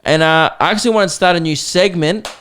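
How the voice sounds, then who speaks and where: A man's voice: high voice, quick pace, a little hiss or hum. An Australian man hosting a podcast, telling a story in a casual, self-mocking way and acting out the voices of the people in it. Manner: animated, self-mocking, acts out quoted voices. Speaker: comedian podcast host.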